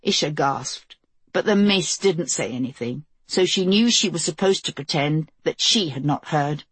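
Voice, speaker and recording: A woman reading a novel aloud as an audiobook narrator, in measured, even storytelling. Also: deep voice, slightly rough, dry recording. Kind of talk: scripted narration.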